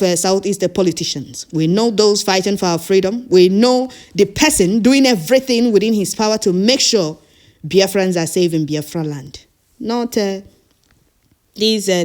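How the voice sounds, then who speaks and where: A woman's voice: mid-range voice, darkish tone. A woman reading out news reports and breaking off with mocking comments and frequent laughter. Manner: laughs often, mocking asides.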